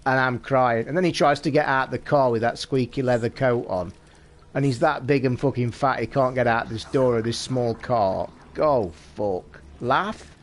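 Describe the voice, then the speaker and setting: A man's voice: medium pitch, normal speed. A man streaming a game live, chatting casually to his viewers and swearing constantly as he plays. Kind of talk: casual live gameplay commentary.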